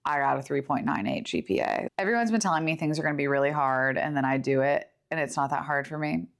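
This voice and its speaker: A young woman in her twenties hosting a podcast, talking through grief in an earnest, confiding, unhurried personal monologue. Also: sits low, lively intonation. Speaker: podcast host. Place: home studio. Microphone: studio setup with camera.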